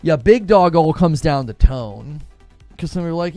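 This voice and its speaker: A gaming streamer reading chat has a warm voice on the high side, with lively intonation and a measured pace. He jokes casually about slang with his live-stream audience, laughing often and doing mock-tough voices for quoted slang. The recording is dry, with soft background music.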